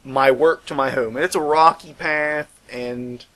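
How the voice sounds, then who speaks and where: A man's voice: mid-range voice, fairly even intonation, a little slow, a bit bright, low-quality recording. A man guest-hosting a podcast, telling a personal story in an earnest, reflective way and raising his voice to act out quoted lines.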